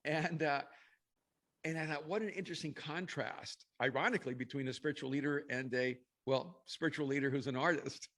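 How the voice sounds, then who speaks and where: A man's voice: on the high side, fairly quick, fairly bright tone. A middle-aged man, a podcast guest, telling a long personal story in an interview, reflective and laughing now and then between phrases.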